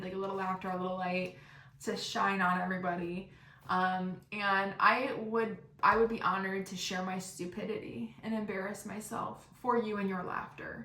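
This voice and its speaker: A young woman hosting a podcast, telling a comic story in an animated, profane, self-mocking way. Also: medium pitch. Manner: animated, profane, laughing at herself. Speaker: podcast host. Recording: roomy echo.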